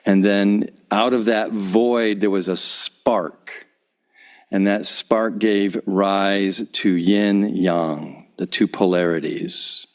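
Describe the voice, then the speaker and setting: A man teaching calm self-acceptance, guiding breathing in a slow, soothing way with soft repeated cues, recorded in a home vocal booth. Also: lowish voice. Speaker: guest teacher. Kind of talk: calm guided breathing instruction.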